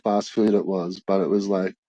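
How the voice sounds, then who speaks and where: A man's voice: low voice, little pitch movement, normal speed, mellow, muffled recording. An Australian man in casual chat, telling rambling, sweary stories full of "like".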